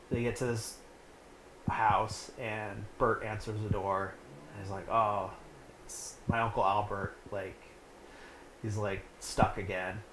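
A man hosting a podcast, recapping a film in a chatty, joking way with lots of fillers. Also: on the low side. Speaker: podcast host. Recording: echoey room with noise.

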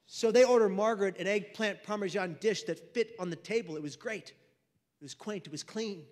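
Animated high-voiced man in a hall. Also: fairly quick. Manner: animated, comic, acts out voices of others. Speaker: mental health speaker. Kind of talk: storytelling keynote talk. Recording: reverberant hall.

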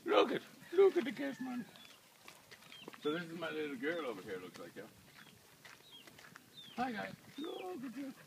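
A man talks to his animals outdoors in coaxing baby talk, his voice high and gravelly as it leaps all over the place. Behind him the outdoor recording is noisy. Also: huge pitch swings, moderate pace, long pauses. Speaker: vlogger at a ranch. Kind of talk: casual chat while feeding animals. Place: outdoor ranch.

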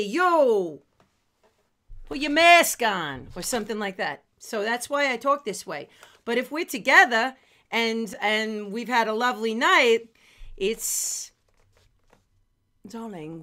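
A woman with a New York City accent playing a deadpan East Coast contestant on a dating show in a comedy sketch. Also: on the high side.

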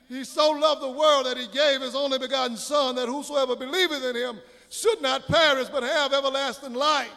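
A man preaching a sermon, swelling into shouted, sing-song preaching cadence, with a gravelly voice. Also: very high-pitched, fairly even intonation, brisk, few pauses. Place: church sanctuary. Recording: reverberant church hall with faint congregation.

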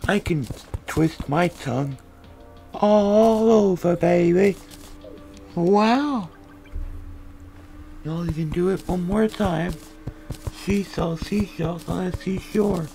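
A young man giving rambling comic gameplay commentary, goofy and full of random tangents with deadpan asides. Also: high-pitched, measured pace, vocal fry, faint music behind, low-quality recording. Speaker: gaming video creator.

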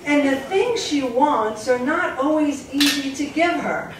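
A woman's voice: sits high, expressive, a little slow, background noise. A woman doing a stand-up routine on a comedy club stage, telling her stories in a chatty way. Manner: chatty, storytelling delivery. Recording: echoey club from far off, with audience.

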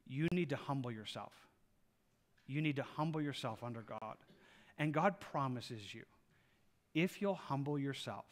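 A male pastor preaching a sermon with lively delivery, acting out little scenes of people praying and God answering. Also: mid-range voice. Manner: animated preaching, acts out voices of people praying.

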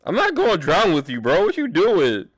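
With a high, slightly rough voice whose pitch swoops wildly, a young streamer talks at normal speed in an echo-free studio recording. He plays a game with friends, joking around, swearing, and humming bits of melody.

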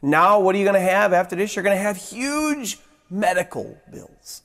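A man preaching a sermon as pastor, swinging from raised, emphatic lines to hushed ones and repeating phrases for emphasis. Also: high voice, lively intonation, normal speed, hardly any pauses.

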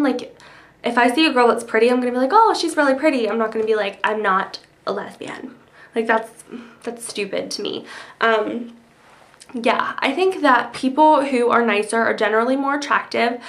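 A woman's voice: fairly high pitch, fairly bright tone. A young woman in her twenties answering tag questions in a casual, chatty way, with many ums and likes, and the hiccups. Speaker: vlogger.

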